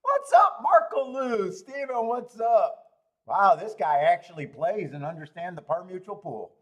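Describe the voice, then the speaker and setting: A man's voice: sits high, very animated, unhurried, highs cut off. A man hosting a live stream, worked up and ranting, pleading, swearing and laughing as he talks. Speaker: host. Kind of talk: live-stream chat rant.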